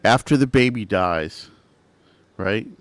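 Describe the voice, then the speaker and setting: A low-pitched man talking casually on a podcast, mostly adding brief remarks between longer stretches. The sound is dry and close, with no room around it. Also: expressive, takes it slowly, no echo. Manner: short dry interjections. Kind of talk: casual chat.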